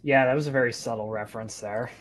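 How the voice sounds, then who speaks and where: A man with a mid-range voice, chatting on a podcast. He cuts in with dry, teasing comments and speaks in a plain, unhurried way. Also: medium pitch, steady tone. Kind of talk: casual podcast chat.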